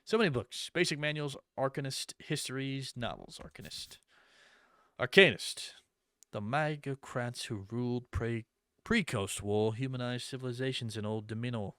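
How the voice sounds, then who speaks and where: A man playing a game demo who reads its narration aloud and breaks off into quick, dramatic reactions. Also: medium pitch, expressive, fairly bright tone, no echo, studio quality. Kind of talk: let's-play commentary, reading game text aloud.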